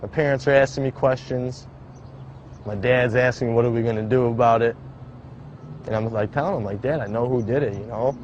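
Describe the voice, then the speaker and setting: A young man recounting a personal survival story in a casual, halting way, with many "like" fillers. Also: medium pitch, fairly even intonation, darkish tone, muffled recording, a little hiss or hum. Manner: casual, halting, heavy use of "like". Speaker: survivor telling his story. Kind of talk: documentary-style personal account. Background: background music.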